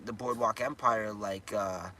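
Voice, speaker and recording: Bright-voiced man rambling casually. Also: fairly low pitch, steady tone, unhurried, a little hiss or hum. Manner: rambling, restarts often, chuckles while retelling scenes. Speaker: live streamer. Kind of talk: casual live-stream chat.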